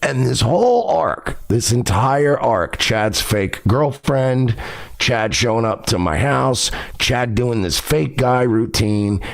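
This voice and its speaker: A gravelly man hosts his own podcast, swinging his pitch all over as he rants. He is profane and confrontational, talking straight to the person he is calling out. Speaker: podcast host. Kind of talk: ranting monologue.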